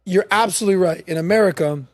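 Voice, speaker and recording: A man hosting a casual podcast, telling a story in an animated way and acting out the quotes. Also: high voice, fast, no echo. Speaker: podcast host.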